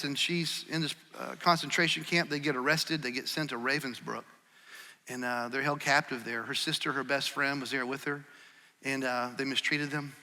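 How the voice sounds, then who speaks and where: A middle-aged man preaching a sermon, telling stories in a conversational way with many small pauses, dropping soft for quotes and swelling louder when stirred. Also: medium pitch. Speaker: pastor. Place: church sanctuary. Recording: long church hall reverb.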